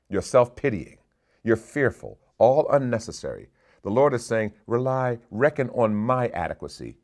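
Animated low-voiced male preacher. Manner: animated preaching, repeating short commands. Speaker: bishop. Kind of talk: sermon.

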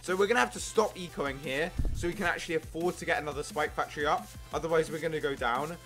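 An excitable young man giving casual gameplay commentary, jumping into yelps when things go wrong. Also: a little high, fast, faint music behind. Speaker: gaming YouTuber.

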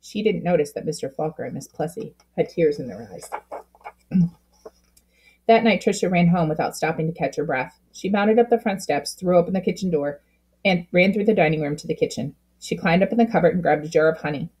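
Lady reading a kids' story out loud, husky and kinda low, expressive. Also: a little fast. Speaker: storybook reader. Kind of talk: reading a children's book aloud.

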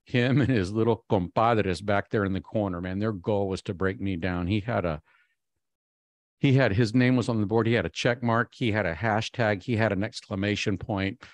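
A man in his fifties giving a humorous keynote talk, telling a story in an animated, self-mocking way with frequent ums and restarts. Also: on the low side, moderate pace, no echo. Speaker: keynote speaker.

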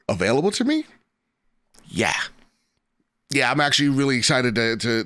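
A man's voice: medium pitch, a bit bright, no room sound. Rambling male podcast co-host. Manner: rambling, lots of "like" fillers. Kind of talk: casual chat.

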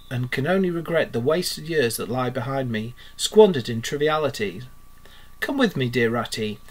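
A man voicing a boastful, excitable male toad gentleman in a grand, pompous manner, read aloud from a storybook. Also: mid-range voice, lightly acted. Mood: scornful.

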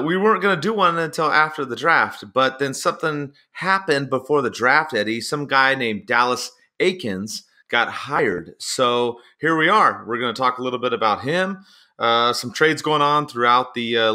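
A man hosting a sports podcast in casual chat, a chatty and animated storyteller. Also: mid-range voice. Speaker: podcast host.

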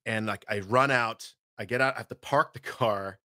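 A man from the United States, a guest actor in a casual interview, telling animated stories. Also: mid-range voice, moderate pace, no echo, studio quality. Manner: animated storytelling, slips into impressions.

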